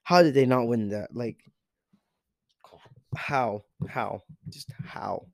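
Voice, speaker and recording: A teenage boy hosts a solo sports rant podcast, speaking slowly in a medium-pitched voice. He sounds exasperated and profane, repeating rhetorical questions, and the recording is studio quality with no echo.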